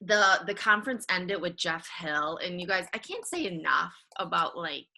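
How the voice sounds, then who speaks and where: A woman's voice: lowish voice, lively intonation, moderate pace, creaky, bright, forceful tone. A woman fitness coach speaking earnestly to her team on a video call, casual with many "like"s. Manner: earnest and casual, says "like" often.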